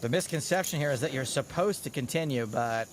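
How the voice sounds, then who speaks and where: A man's voice: mid-range voice, animated, a little fast, a little hiss or hum. A man doing color commentary in a wisecracking, sarcastic way. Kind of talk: sports commentary.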